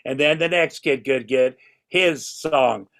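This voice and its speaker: A man's voice: medium pitch, slow pace, gravelly, a bit bright. Older male guest in his sixties, loose and rambling, casual talker. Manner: rambling, restarts, swears casually. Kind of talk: casual chat.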